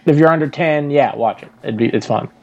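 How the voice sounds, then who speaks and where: A man's voice: a little high, a little fast, creaky, darkish tone. A man co-hosting a casual podcast, talking in a dry, matter-of-fact way. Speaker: podcast co-host. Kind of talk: casual chat. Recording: dull lo-fi sound.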